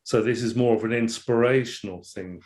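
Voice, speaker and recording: A man's voice: mid-range voice, steady tone, normal speed, darkish tone, a little hiss or hum. Man musing over a tarot card. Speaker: tarot teacher. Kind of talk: casual explanatory discussion.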